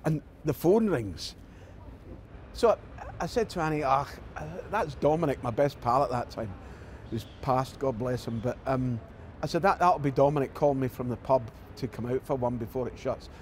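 Mann, Glasgower Akzent, Schauspieler als Gast, erzählt Anekdoten, spielt Zitate lebhaft nach, mittlere Stimmlage. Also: male voice, medium pitch, moderate pace, slight background noise. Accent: Glasgow Scottish. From Scotland. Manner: animated storyteller acting out quoted lines. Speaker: actor guest. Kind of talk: anecdotal storytelling in an interview.

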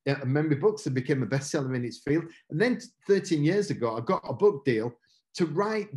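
A man's voice: on the high side, expressive, fairly quick, a little mellow. A middle-aged British man giving a chatty, self-mocking motivational talk and acting out quotes from his own story. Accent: British English. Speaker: motivational speaker.

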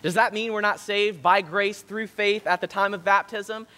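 A man's voice: sits high, steady tone, normal speed, bright, forceful tone. A man preaching a sermon in a church, emphatic and rising and falling for stress. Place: church sanctuary. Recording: long church hall reverb.

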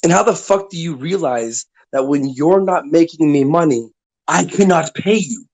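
A man's voice: a little high, expressive, normal speed, a little mellow. A man in a heated stream argument, defensive and irritated, swearing as he talks.

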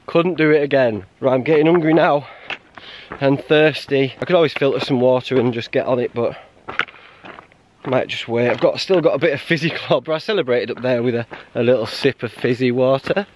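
A man chatting casually while hiking a mountain trail, blunt and quick to laugh. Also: mid-range voice, slight background noise. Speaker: hiker vlogger. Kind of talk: casual outdoor vlog chat.

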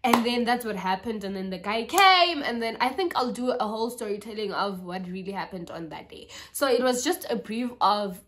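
A young South African woman with a South African accent, casually telling a personal story to her vlog viewers, chatty and animated. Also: medium pitch, normal speed, hardly any pauses. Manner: chatty, animated retelling with quoted voices and code-switching. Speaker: YouTuber.

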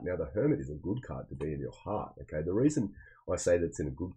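A man's voice: extremely low pitch, warm tone, husky, poor audio. A man giving a casual, rambling tarot reading, often repeating himself and checking in with "okay?". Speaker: tarot reader.

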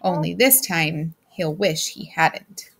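A woman's voice: low-pitched, slow, vocal fry, a bit bright, slightly rough, heavily acted. A woman reading the part of a ruthless, smug businessman husband, speaking coldly and harshly with a gloating edge.

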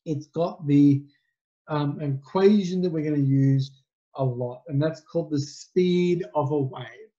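A man's voice: fairly high pitch, measured pace, mellow, muffled recording. A man teaching a physics lesson, explaining in a conversational, rambling way with fillers. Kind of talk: recorded classroom lecture.

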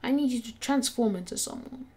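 A woman's voice: fairly high pitch, a little fast, vocal fry, mellow. A woman reading a patient male ninja teacher. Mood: instructing. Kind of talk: casual fan story reading.

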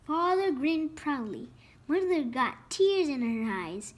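A woman reading a children's picture book aloud, expressive and slow. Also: high-pitched. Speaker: storyteller. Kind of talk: children's story read-aloud.

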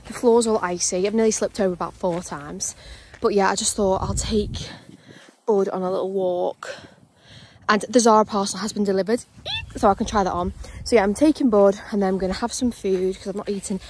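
A woman's voice: mid-range voice, fairly even intonation, brisk, darkish tone, slight background noise. A young woman chatting casually to her camera as a vlogger, rambling with lots of "like" and "literally". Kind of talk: casual vlog chat. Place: outdoors on a dog walk, then at home indoors.

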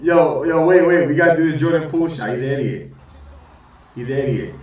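A man hosting a basketball reaction video, talking loud and profane trash talk and repeating his lines. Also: a little high, fairly quick, heavy reverb, distant mic, rough recording. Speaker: reaction channel host. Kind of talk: excited basketball reaction commentary.

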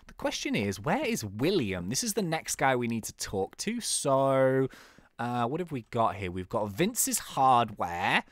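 A man's voice: sing-song, measured pace, fairly bright tone, dry recording. A young man giving jokey, playful commentary while playing a game. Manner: playful, jokey, laughs at own jokes, wildly swinging pitch. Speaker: gaming YouTuber. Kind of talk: casual gameplay commentary.

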